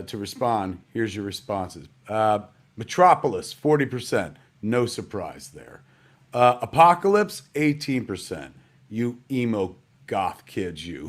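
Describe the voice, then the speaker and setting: A man's voice: fairly low pitch, lively intonation, normal speed. A middle-aged man hosting a live stream from home in a rambling, jokey casual way, calling everyone "man" and "kids".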